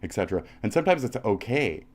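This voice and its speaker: Hosting a livestream, a low-voiced man from the United States aggressively rants with profanity, jeering at his target with the same insults over and over. He speaks quickly in a sing-song way.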